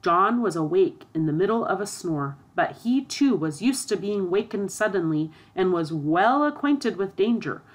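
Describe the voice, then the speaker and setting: A woman narrating a storybook aloud in a steady, expressive reading. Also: mid-range voice, moderate pace, hardly any pauses.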